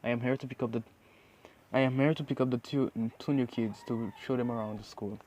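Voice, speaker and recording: A man's voice: medium pitch, steady tone, brisk, a little mellow, a little hiss or hum, natural voice. A man voicing a laid-back, slangy male teacher in an amateur spoken story. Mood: casual. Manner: casual, slangy.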